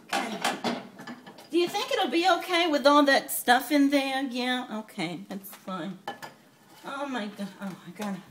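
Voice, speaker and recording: A man playing a brash, excitable middle-aged woman with a New York accent who gushes loudly and swears casually in a comedy sketch. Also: extremely high pitch. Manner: loud, gushing, swears casually. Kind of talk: comedy sketch character monologue. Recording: echoey room with background noise.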